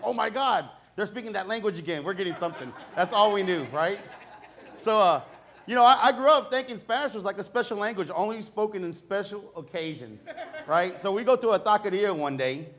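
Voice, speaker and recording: A man's voice: high-pitched, a bit bright. A middle-aged man doing a conversational, self-deprecating stand-up comedy set before a live audience. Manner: conversational, self-deprecating, acts out dialogue in raised voices.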